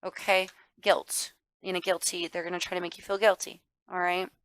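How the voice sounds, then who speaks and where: A woman's voice: on the low side, flat delivery, normal speed, a bit bright, dry recording, low-quality recording. A woman giving a casual tarot reading to viewers. She talks emphatically, calls the listener darling and baby, swears now and then, and gets worked up. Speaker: tarot reader.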